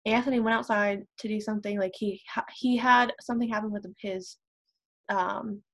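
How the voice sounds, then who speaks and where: A woman telling a casual story in an animated, rambling way. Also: medium pitch, normal speed. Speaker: guest caller.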